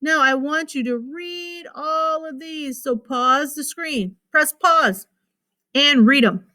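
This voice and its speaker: Woman teacher, bit higher voice, slow and patient, says every word twice for little kids. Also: sharp tone. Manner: patient, repeats words slowly, sounds out syllables. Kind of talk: recorded phonics lesson for children.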